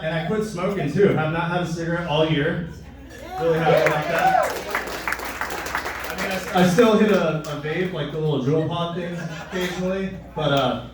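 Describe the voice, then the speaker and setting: A young man performing a crude, rambling stand-up comedy set, jumping into loud high voices for the people he quotes. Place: live comedy club. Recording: echoey room, mic a bit distant.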